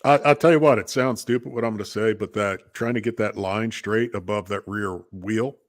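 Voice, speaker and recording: A man hosting a casual chat about car builds, easygoing and quick to laugh. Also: on the low side.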